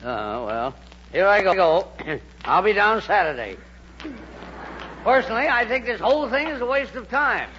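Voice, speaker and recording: A sardonic undercover shoe clerk in a 1940s radio play, with a high, bright voice that swings widely in pitch and a blunt, dry way of talking. The sound is dull and lo-fi, with a faint hiss behind it, like an old broadcast. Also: male voice, sing-song, moderate pace, full character voice. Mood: puzzled. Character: gruff older man posing as a shoe clerk.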